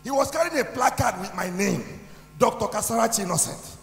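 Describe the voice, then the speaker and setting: A middle-aged Nigerian man with a very high voice gives a rousing testimony that builds to shouting. He is heard in a large echoing hall with a long reverb. Soft music plays faintly behind him. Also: lively intonation, fairly quick, vocal fry. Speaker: speaker at a youth conference. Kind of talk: motivational testimony.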